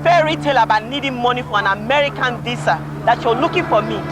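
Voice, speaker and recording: A woman's voice: on the high side, quick pace, lightly acted. An actress playing a young woman who curtly refuses her boyfriend in a film drama. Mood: exasperated. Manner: curt, exasperated. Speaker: film character. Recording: film audio under loud music score.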